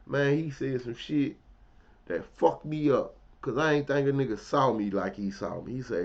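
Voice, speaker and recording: A man telling a blunt, profane personal story in casual street slang, swinging between loud, heated outbursts and low, quiet asides. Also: normal speed. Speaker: commentary vlogger. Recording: dull, lo-fi audio.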